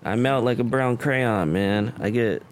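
A man's voice: mid-range voice, measured pace, a little hiss or hum. A man hosting a casual interview, curious and chatty, asking his guest many questions. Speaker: interview host.

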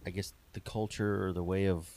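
Middle-aged podcast host, kinda low voice, easygoing, lots of ums. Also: male voice, steady tone, fairly quick, background noise. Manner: easygoing, hesitant with many ums. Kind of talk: casual interview.

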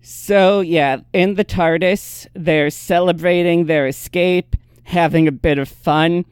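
A slow, easy speaker with a smooth, clean voice, walking listeners through the plot in a casual podcast chat. The sound is dry and close, with frequent laughter between lines. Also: medium pitch, fairly even intonation, no echo. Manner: laughs often, narrates the plot step by step. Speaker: podcast co-host recapping episodes.

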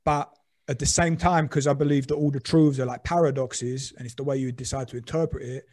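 A man's voice: medium pitch, fairly even intonation, brisk, darkish tone, no room sound. Reflective man musing on a podcast. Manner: reflective, swears casually, hedges with fillers. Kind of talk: casual podcast conversation.

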